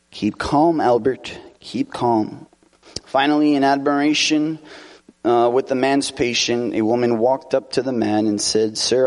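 A man's voice: mid-range voice, darkish tone. A man preaching a sermon in a casual, conversational way, often adding tag questions and light laughs.

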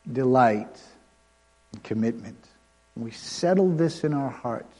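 A man preaching a sermon as pastor, conversational, with quick asides and bursts of fast talk. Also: fairly high pitch, a little mellow. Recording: long hall reverb.

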